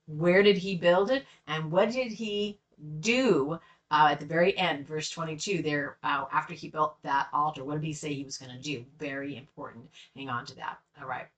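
Low-voiced woman hosting a Bible study; relaxed conversational teacher, mic set back a bit. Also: moderate pace, distant mic, rough recording. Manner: friendly, conversational, with fillers. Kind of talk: teaching and scripture reading.

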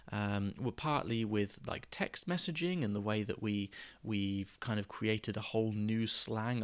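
A man's voice: lowish voice, clean tone. A young British man hosting an English-learning podcast, talking in a loose, rambling way with lots of fillers. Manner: relaxed and rambling, many fillers and restarts. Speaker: podcast host and English teacher. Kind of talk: casual spoken lesson.

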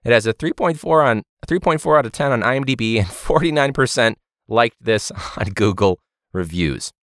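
A man hosts his own podcast. He talks in a rambling, sarcastic way, swears freely, and laughs at himself. His pitch swings widely, and the recording is dry and close. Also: animated, moderate pace, a bit bright, dry recording. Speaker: podcast host. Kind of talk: casual ranting monologue.

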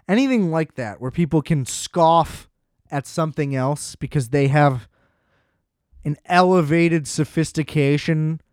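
A young man rants in a casual chat, sarcastic and full of profanity, slipping into mocking voices. His voice sits a bit high for a man. The sound is dry and close. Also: a little mellow, clean tone, no echo.

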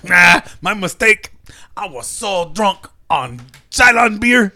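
A man doing a brash, bright-voiced crazed Cylon. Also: high-pitched, big pitch swings, very slow, exaggerated voice. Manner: profane, brash, tacks "man" onto every line, bursts into shouts. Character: crazed foul-mouthed male Cylon, a caricature of an actor. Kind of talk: comic improv bit on a casual podcast.

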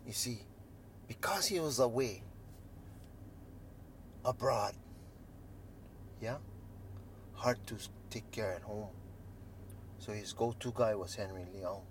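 A man's voice: fairly low pitch, takes it slowly, long pauses, slight background noise. A man with a Hawaiian Pidgin accent casually telling a story, acting out sounds and voices and sometimes dropping to a near whisper. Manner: animated, acts out sounds and quoted voices, drops to near-whispers.

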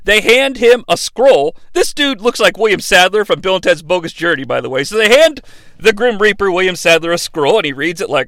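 A man hosting a comedic movie recap, talking in a profane, animated and sarcastic way. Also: high-pitched, brisk, no echo. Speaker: host.

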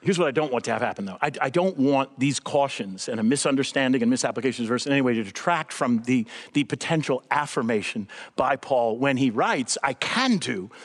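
An older man preaching a sermon as a guest speaker, conversational and animated, driving points home by repeating them. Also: medium pitch, a little fast, hardly any pauses, husky.

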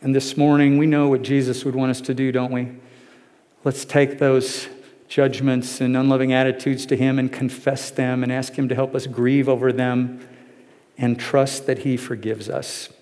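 A male pastor preaching a sermon, telling a story earnestly and emotionally, often dropping to a soft pleading tone. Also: mid-range voice, flat delivery, moderate pace, long reverb tail.

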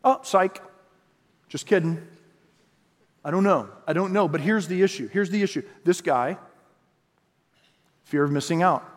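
Brief: animated high-voiced man preaching a sermon, echoing church hall. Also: moderate pace, long pauses. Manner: animated, acts out quotes in voices. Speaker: pastor.

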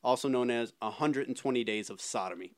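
A man's voice: medium pitch, brisk. A man co-hosting a casual podcast, swearing freely and rambling through stories. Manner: profane, loose storytelling. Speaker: podcast co-host. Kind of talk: casual chat.

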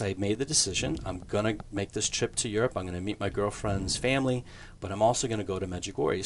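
A man's voice: lowish voice, slight background noise. A man in his fifties, a priest, telling his conversion story as a radio guest in an earnest, conversational way with fillers.

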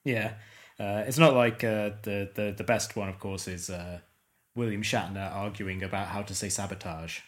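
A man hosting a casual film podcast, relaxed and hesitant, laughing as he talks. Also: fairly low pitch, moderate pace. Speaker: podcast host.

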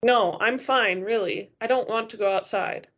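A young woman frozen to the bone, as a woman reader voices her, strained and pleading. Her voice sits at a mid pitch. The story recording sounds dull and low-fidelity. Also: moderate pace, fairly bright tone. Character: freezing, shivering young woman.

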